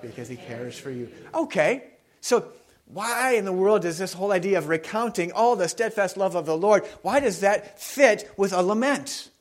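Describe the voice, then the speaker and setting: A man preaching a sermon with a slightly high voice. He talks to his congregation in a conversational way and keeps asking them questions. He moves between loud, emphatic stretches and quiet, reflective ones. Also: animated, moderate pace. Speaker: pastor.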